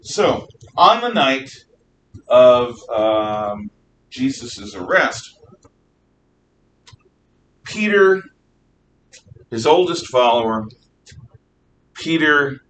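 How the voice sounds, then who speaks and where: A man teaching a class, retelling Bible stories in a lively, animated way and acting out the dialogue. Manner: animated, acts out dialogue with shifting voices. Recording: distant mic with faint rumble.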